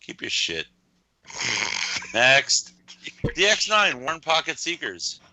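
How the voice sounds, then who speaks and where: Bright, animated man swearing freely. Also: medium pitch, slow pace, slight background noise, low-quality recording. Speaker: podcast co-host. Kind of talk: casual chat.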